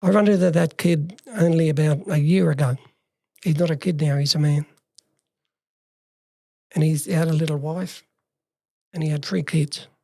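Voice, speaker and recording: An older man from regional Western Australia, speaking with an Australian accent, appears as a guest telling long stories in plain words from his years as a youth worker and acting out past conversations. His fairly high, warm, creaky voice keeps a steady tone at normal speed with frequent pauses. The studio-quality recording has no room sound, capturing personal storytelling within a conversation.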